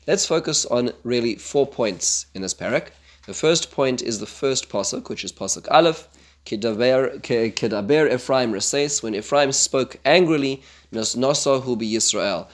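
Male Torah teacher, mid-pitched, halting delivery with frequent restarts, livens up on quotes. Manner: halting, many fillers and restarts, grows animated when quoting. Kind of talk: casual Torah class.

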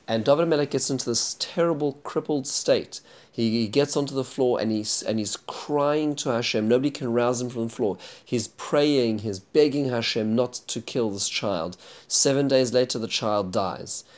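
A man's voice: mid-range voice, normal speed. A man teaching a Bible chapter, retelling the story earnestly and explaining it.

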